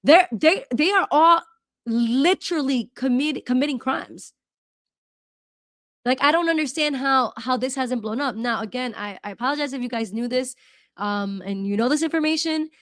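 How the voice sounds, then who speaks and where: A woman with a high-pitched, fairly bright voice hosts a reaction video at a moderate pace. Her casual commentary is worked up and rambling, full of restarts and apologies, in a dry, studio-quality recording.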